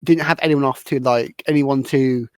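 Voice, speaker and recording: A man hosting a podcast, recapping a film in a rambling, halting way. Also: mid-range voice, steady tone, a little mellow, clean tone, no echo. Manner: rambling, halting, restarts words. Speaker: podcast host. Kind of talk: casual movie recap chat.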